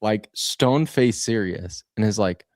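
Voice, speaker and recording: Laughing lower-voiced male radio producer. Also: measured pace, no room sound, studio quality. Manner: animated, laughing storyteller. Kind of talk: casual radio chat.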